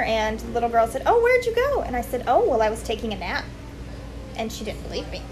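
A woman who works as a mermaid performer, telling funny stories softly with dry, amused asides. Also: on the high side, low-quality recording. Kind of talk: casual storytime.

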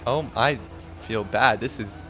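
A young man giving excited running commentary over his roleplay gameplay, often yelping and shouting. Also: medium pitch, unhurried. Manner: shouts and yelps during chases. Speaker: gaming YouTuber. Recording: game music behind.

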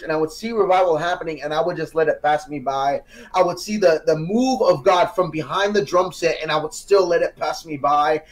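A young man on a podcast giving an earnest personal testimony, telling it as a story with quoted dialogue and growing animated at the high points. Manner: earnest, grows animated and excited when telling the climax. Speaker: podcast guest. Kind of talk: casual testimony.

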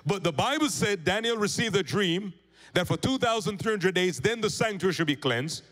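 In a church sanctuary, a pastor delivers a sermon in a slightly high, bright voice with lively intonation at normal speed, and long reverb trails each phrase. He tells stories and calls for amens, moving between raised proclamation and low, intense pleading.

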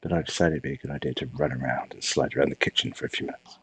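A man's voice: very deep voice, steady tone, very fast, a bit bright, slightly rough. A man out of breath, giving jittery live commentary on a horror game, talking to his character and dropping to whispers. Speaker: let's play streamer.

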